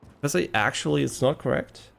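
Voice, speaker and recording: A man's voice: mid-range voice, brisk, gravelly, fairly bright tone. A man with a German accent, a native German speaker, chatting casually and hesitantly with viewers while streaming a game, with frequent ums and restarts. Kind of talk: casual live-stream chat while gaming.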